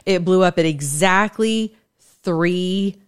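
A woman's voice: sits low, unhurried, clean tone. A woman hosting a casual commentary show, chatting and reacting sarcastically as she scrolls through news stories and laughs at her own jokes.

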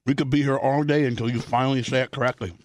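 A man's voice: medium pitch, steady tone, fast talker, no room sound. A man hosting a radio show, teasing his co-host and keeping the talk on track. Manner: teasing, keeps steering the talk. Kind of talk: teasing on-air banter.

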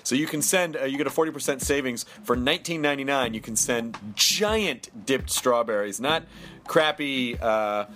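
A man's voice: medium pitch, a little hiss or hum. A man hosting a podcast, chatting casually and jokily and reading ads with silly bursts. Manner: jokey, animated, quick bursts of silliness. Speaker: podcast host. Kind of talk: casual podcast chat and ad reads.

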